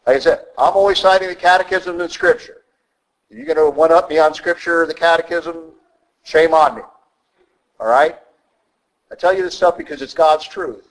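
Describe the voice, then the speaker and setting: A man's voice: a little high, sing-song, moderate pace, vocal fry, pauses often, poor audio. A man preaching a sermon as a priest, blunt and conversational with emphatic asides.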